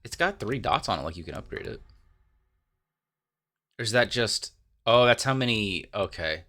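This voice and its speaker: A man's voice: fairly low pitch, animated, normal speed, pushed and bright. A man hosting a let's play, talking casually and rambling as he thinks aloud, sounding tired. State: tired, yawning. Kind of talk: casual gameplay commentary.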